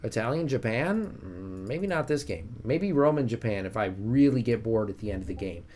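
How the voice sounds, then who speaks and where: A man's voice: on the low side, animated, normal speed, a little mellow. A young man casually commenting on his strategy game live stream, joking with his chat. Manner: chatty, jokey, talks to chat.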